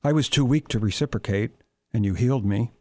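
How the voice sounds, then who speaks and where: A man reading as a calm, level-voiced man. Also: mid-range voice, fairly quick, no room sound, lightly acted. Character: calm, steady adult man.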